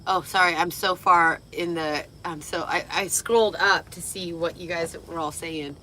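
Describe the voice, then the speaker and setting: A giggly, excitable woman chats on a livestream from inside a parked vehicle, tipsy and swearing freely, with a slightly worn, lost voice. Her voice sits a bit low but has a bright, forceful edge. A faint hum of noise runs underneath. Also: moderate pace, rough recording. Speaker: livestream host. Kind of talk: tipsy casual livestream chat.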